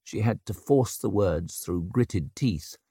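A man narrating a fantasy audiobook in a measured, scripted way, recorded close to the mic. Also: fairly low pitch, lively intonation, mellow, slightly rough, no room sound. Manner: measured, unhurried.

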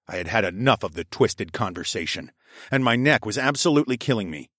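A man narrating a first-person story in a wry tone, dropping to a hush on the narration tags. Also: fairly low pitch, expressive, brisk, no room sound, clean studio sound. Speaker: audiobook narrator.

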